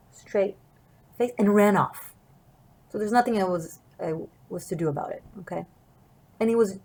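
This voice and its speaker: A woman's voice: medium pitch, a little mellow, husky, rough recording. A woman tarot reader and martial artist telling a personal story to her viewers in an earnest, reflective, wandering way. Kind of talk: casual storytelling to camera.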